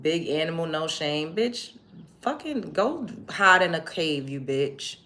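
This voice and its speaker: A woman's voice: low-pitched, big pitch swings, slow, pushed and bright. A young woman hosting a livestream, reading chat comments aloud and answering commenters in a blunt, profane, combative way. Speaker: livestream host.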